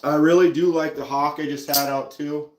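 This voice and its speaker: A man's voice: on the high side, normal speed, reverberant, noisy background. A man with a Minnesotan accent, hosting a casual live stream and chatting easily while showing pocket knives. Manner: relaxed, chatty, reads out viewer comments.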